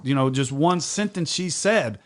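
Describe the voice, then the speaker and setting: A man's voice: fairly high pitch, animated, unhurried. A man co-hosting a recovery podcast, sharing in an earnest, rambling way and often tagging lines with "right?". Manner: earnest, rambling, tag questions. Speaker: podcast co-host. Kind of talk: casual recovery group chat.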